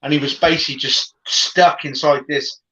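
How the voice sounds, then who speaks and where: A man's voice: a little high, fairly even intonation, moderate pace, bright, forceful tone, rough recording. A man bantering as co-host, blunt and telling stories with casual swearing.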